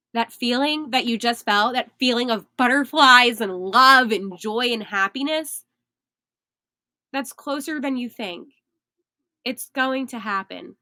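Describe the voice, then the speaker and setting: A young woman hosting a sports podcast, animated and emphatic, laughing at herself now and then. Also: fairly high pitch, no echo. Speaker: podcast host. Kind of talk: excited sports podcast talk.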